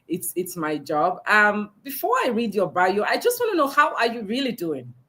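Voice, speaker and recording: Lively laughing woman host. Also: mid-range voice, normal speed. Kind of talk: virtual book launch interview. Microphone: video call.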